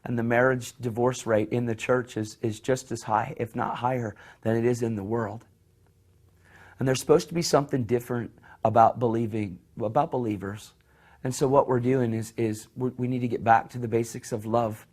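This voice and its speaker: A man preaching a sermon with passion. He restarts and repeats phrases and shifts into soft, hushed voices when he acts out the people in his story. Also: medium pitch, steady tone, normal speed.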